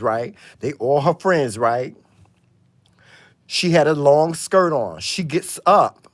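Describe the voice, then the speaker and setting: Sassy, animated man spilling gossip. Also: a little high. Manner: sassy, animated gossip storytelling with frequent "honey" and "child"; dramatic exclamations and swings in loudness. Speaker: vlogger. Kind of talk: casual monologue vlog.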